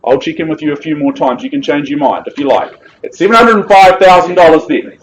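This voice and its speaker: A man's voice: a little high, expressive, brisk, slight background noise, rough recording. A man with a New Zealand accent calling a live property auction with jovial, persuasive patter.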